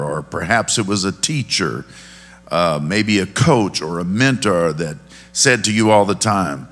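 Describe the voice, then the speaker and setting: Male pastor, low gravelly voice, folksy sermon style, faint music behind. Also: a bit bright. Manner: folksy, asks the congregation questions. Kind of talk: conversational sermon.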